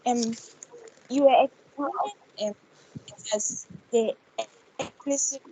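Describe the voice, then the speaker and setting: A woman student asking her lecturer a question in an online class, hesitant and full of pauses. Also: a little high, steady tone, warm tone. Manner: hesitant, with many "um"s. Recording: distant voice over a faint noisy line.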